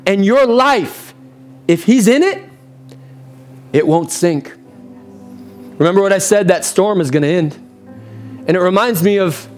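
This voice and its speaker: Man, 30s, pastor, high voice, preaching an emotional sermon in church over faint music. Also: darkish tone. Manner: impassioned, with big swings in pitch and pace.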